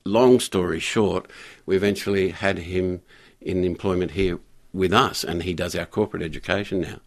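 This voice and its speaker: An older man telling a story in a radio interview, halting with frequent restarts and fillers. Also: deep voice, fairly even intonation, creaky. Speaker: guest, community pastor.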